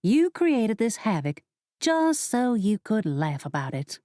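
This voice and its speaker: A woman narrator voicing an angry young witch heroine in an audiobook, sharp and indignant. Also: mid-range voice, sing-song, takes it slowly, dry recording, clean studio sound.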